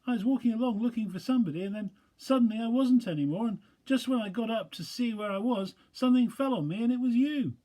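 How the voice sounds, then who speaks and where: A man voicing a tiny, timid young male piglet with a squeaky, nervous voice, in a storybook reading. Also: quick pace, hardly any pauses, warm tone. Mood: anxious.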